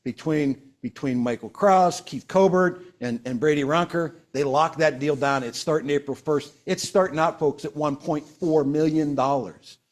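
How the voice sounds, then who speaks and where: A man in his sixties, hosting a casual company sales broadcast, talking in animated, quick storytelling bursts. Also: a little high.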